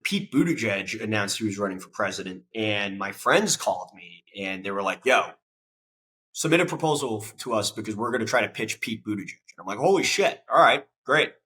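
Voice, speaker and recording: A man's voice: fairly low pitch, animated, brisk, sharp tone, rough recording. A man in his twenties, a podcast guest, telling his story casually and acting out quoted dialogue with plenty of swearing.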